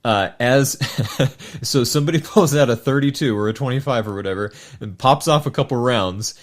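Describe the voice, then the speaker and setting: A man's voice: medium pitch, normal speed. A man co-hosting a film podcast, talking casually and rambling with many fillers and restarts. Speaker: podcast co-host.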